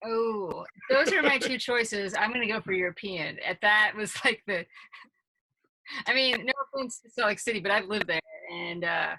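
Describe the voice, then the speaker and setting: Bright-voiced woman co-host. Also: medium pitch, moderate pace, no room sound, poor audio. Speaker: podcast co-host. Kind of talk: casual interview chat.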